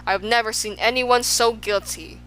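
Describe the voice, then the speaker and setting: A woman's voice: on the high side, fairly even intonation, normal speed, fairly bright tone, a little hiss or hum, natural voice, low-quality recording. A woman playing a tiny fierce officious policeman. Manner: stern, officious.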